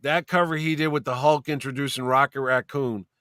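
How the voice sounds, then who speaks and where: A man's voice: mid-range voice, brisk, no echo, clean studio sound. A man telling rambling stories in a casual chat, swearing often and acting out what others said. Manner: animated storyteller, swears freely, acts out quotes. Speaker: convention owner and guest. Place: basement room.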